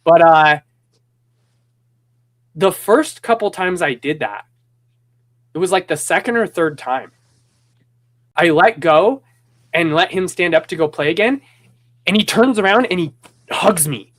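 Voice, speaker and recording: A man's voice: high voice, expressive, a little slow, pauses often, a bit bright. A man hosting a casual conversation who tells stories with animation, rambles with restarts, and acts out the voices he quotes. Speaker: podcast host.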